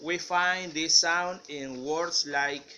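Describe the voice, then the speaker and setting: Guy reading english word pairs, really slow, bright kinda sharp voice, spanish first language. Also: fairly high pitch, steady tone, a little hiss or hum. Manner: reads word lists in measured steps. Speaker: student presenter.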